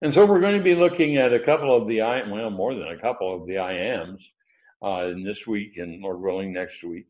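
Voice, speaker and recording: A man preaching a sermon, teaching from his notes with emphatic pauses and frequent filler words. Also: lowish voice. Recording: dull, echoey room sound.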